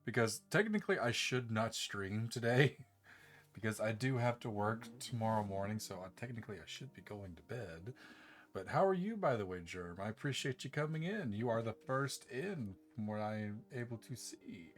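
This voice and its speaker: A man streaming live, chatting loosely to his viewers in a relaxed, rambling way with frequent restarts. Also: on the low side, normal speed. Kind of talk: casual live-stream chat.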